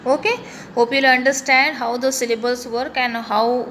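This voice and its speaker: A woman with an Indian accent teaching English grammar, repeating example words slowly and breaking them into syllables. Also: fairly high pitch, steady tone, a bit bright, long reverb tail, slight background noise. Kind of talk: grammar lesson mixing English and Hindi.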